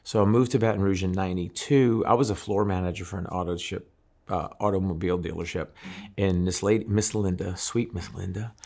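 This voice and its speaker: A man from New Orleans, a musician being interviewed, telling animated stories and acting out the people in them. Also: low-pitched, a little fast. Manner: animated storyteller, acts out voices in his anecdotes. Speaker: guest musician. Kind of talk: storytelling interview.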